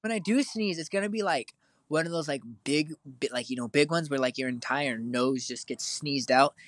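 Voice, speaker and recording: A man's voice: fairly high pitch, normal speed, a bit bright, dry recording. A teenage boy co-hosting a casual chat, telling a long story with lots of fillers and restarts. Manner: rambling, filler-heavy storytelling.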